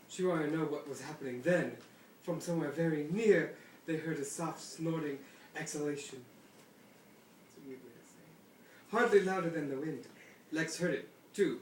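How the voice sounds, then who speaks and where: A man's voice: on the high side, slight background noise. A man casually reading a novel aloud to friends in a cabin, often amused. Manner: amused, breaking into laughs. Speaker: reader. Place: lakeside cabin, indoors. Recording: echoey room, distant mic.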